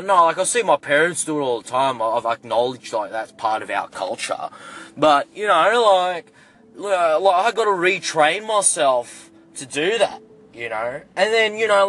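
A man's voice: on the high side, fairly bright tone. A man with an Australian accent putting on a rambling young Filipino Australian man in a comedic monologue, full of fillers and restarts. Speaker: comedy character.

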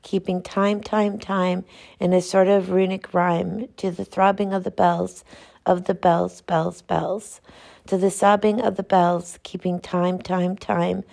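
Woman reading a poem out loud, slow rhythmic reading, kinda gravelly and warm. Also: on the low side, little pitch movement. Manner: measured, rhythmic reading that lingers on repeated words. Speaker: poetry reader. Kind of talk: poetry recitation.

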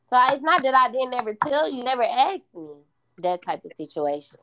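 A woman in casual chat with a friend, blunt and animated, acting out the lines she quotes. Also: sits high, moderate pace.

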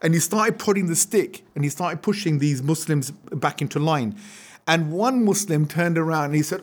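Guy teaching islamic history, kinda high voice, tells it like a story, acts out the quotes, lots of "right?". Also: moderate pace. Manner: asks the audience rhetorical questions. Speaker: religious teacher.

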